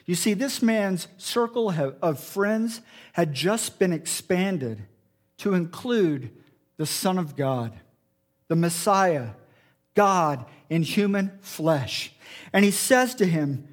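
A man pastor preaching an earnest sermon, acting out quoted thoughts in a low muttering tone. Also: expressive, slow.

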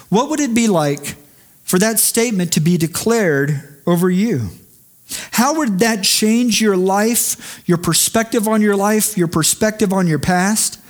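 Guy preaching a sermon, kinda high voice, slow and reflective, repeats lines for emphasis. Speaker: pastor. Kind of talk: sermon with closing prayer.

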